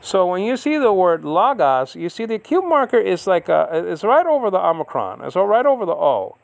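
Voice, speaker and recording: His high voice swings widely in pitch, moves a little fast and has vocal fry, with no echo. The man is teaching a Greek lesson he records on his own device, going step by step, filling pauses often and repeatedly making sure the listener keeps up.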